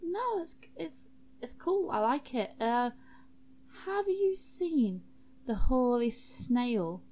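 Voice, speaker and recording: Woman doing a squeaky rambling emo girl. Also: very animated, takes it slowly, warm tone, full character voice. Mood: chatty. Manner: rambling, high and sing-song. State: tipsy. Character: high-pitched bubbly emo girl student.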